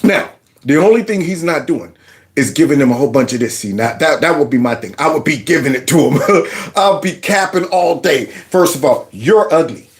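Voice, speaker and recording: Guy doing reaction commentary, high voice swinging all over, cracking up and talking trash. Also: lively intonation, fairly quick. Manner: mocking, laughing often, trash-talking. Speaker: commentary host.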